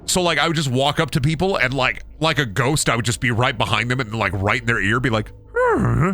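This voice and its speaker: A man's voice: mid-range voice, fast, sharp tone. Profane, rambling young male streamer. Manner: rambling, profane, jokey, slips into silly put-on voices. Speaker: gaming streamer. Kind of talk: casual gameplay commentary.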